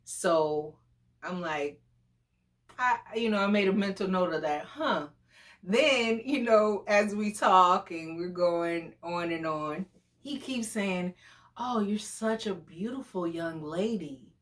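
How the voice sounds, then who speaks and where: A woman's voice: lowish voice, takes it slowly, a bit bright. A woman in her forties telling a personal story in a chatty, conversational vlog. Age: 40s. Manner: chatty, conversational, full of fillers. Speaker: vlogger.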